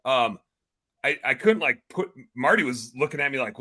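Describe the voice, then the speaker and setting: A man in his thirties, a guest entrepreneur on a podcast, talking in an energetic, excitable way and swearing casually. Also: mid-range voice, moderate pace.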